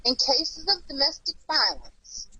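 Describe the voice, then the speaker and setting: A woman hosting a casual chat, animated and blunt, repeating herself and swearing as she talks. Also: sits high, unhurried, slight background noise, poor audio. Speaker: host.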